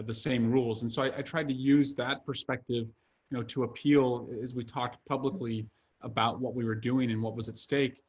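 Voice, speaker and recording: In a video-call interview, a man in his thirties who is an author and congressman speaks earnestly and fluently, dropping in "uh" often. His voice sits at medium pitch and has a slightly mellow quality.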